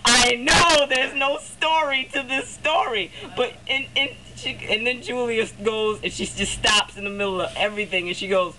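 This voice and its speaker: A woman's voice: on the high side, normal speed, hardly any pauses. Young woman vlogging, telling a story, laughs a lot, traffic noise behind her. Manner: chatty, laughs often, acts out quotes. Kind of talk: casual storytelling. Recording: noisy background with passing vehicles.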